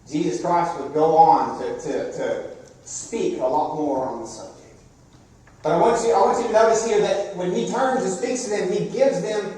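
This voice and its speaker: A man delivers a sermon with a mellow, warm tone, often turning to the congregation with questions. His voice carries through a very echoey church sanctuary, and the mic picks him up from some distance away. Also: sits high, slight background noise. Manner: conversational, asks the congregation questions. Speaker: preacher.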